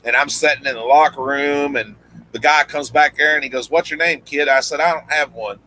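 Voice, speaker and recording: A man with a drawl tells a loose, meandering story, stopping and restarting often. His voice is bright and forward, and he jumps into quoted lines as he recounts them. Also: fairly high pitch, fairly quick, slight background noise, poor audio. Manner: rambling, many restarts, acts out quoted lines. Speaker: guest storyteller, former pro wrestler. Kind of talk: casual storytelling chat.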